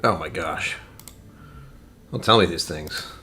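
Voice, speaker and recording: A man's voice: deep voice, slow pace, bright, forceful tone, slight background noise. A man hosting a casual whiskey-tasting live stream, rambling and joking as he reads chat aloud.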